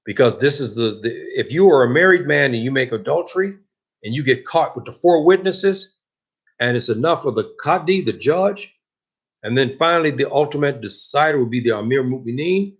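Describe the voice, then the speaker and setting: A man with a husky, slightly rough voice delivering a religious lesson. He preaches with passion and drives his points home with heavy emphasis. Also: medium pitch, animated, normal speed. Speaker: Islamic teacher.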